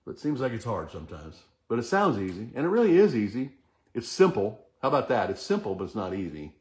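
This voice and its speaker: A man's voice: lowish voice, huge pitch swings, fast talker, a little mellow. A middle-aged man hosting a motivational talk, earnestly leading the listener through repeated affirmations. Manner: earnest, repetitive chanting of affirmations. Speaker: host.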